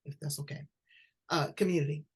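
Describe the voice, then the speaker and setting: Speaking fairly quickly in a low, slightly rough voice, a woman hosts a casual interview-style chat as a talk show host, mixing blunt, chatty questions with lively storytelling.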